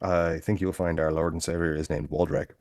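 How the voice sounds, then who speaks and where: A man's voice: low voice, little pitch movement, brisk, a little mellow, no echo, clean studio sound. A man co-hosting a casual podcast chat. He rambles, corrects himself and swears freely. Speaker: podcast co-host.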